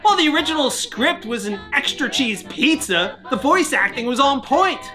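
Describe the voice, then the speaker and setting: Bright, lively woman game reviewer. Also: high voice, moderate pace, faint music behind. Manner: wry, sarcastic, jokey. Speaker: video game reviewer, host. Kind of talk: scripted review narration.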